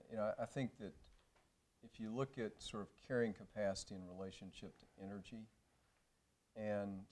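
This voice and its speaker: A very deep-voiced man on a panel takes an audience question. He speaks in a measured way, hedging and restarting as he thinks aloud. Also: darkish tone.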